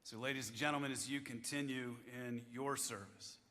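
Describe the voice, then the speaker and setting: A man in his fifties, a chaplain giving a devotional address to lawmakers in a wry, measured storytelling manner, at a podium microphone in a large chamber. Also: medium pitch, fairly even intonation, sharp tone. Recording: echoey hall with long reverb.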